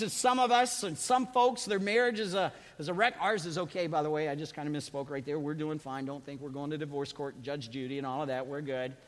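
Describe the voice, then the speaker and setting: A man preaching a sermon as a pastor, calling on the congregation to repeat after him and swinging from quiet asides to shouted emphasis. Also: very high-pitched. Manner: preaching with call-and-response to the congregation. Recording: long reverb of a large hall.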